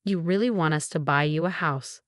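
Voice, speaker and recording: Sharp exasperated young husband, read by a woman, low dry voice. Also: a little fast, no room sound, close to an everyday voice. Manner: sharp, incredulous.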